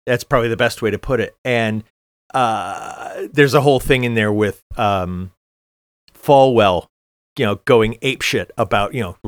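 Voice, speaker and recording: Halting, restarting middle-aged man on a podcast. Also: fairly low pitch, no room sound, studio quality. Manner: halting, many restarts and fillers. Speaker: podcast co-host. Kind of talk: casual chat.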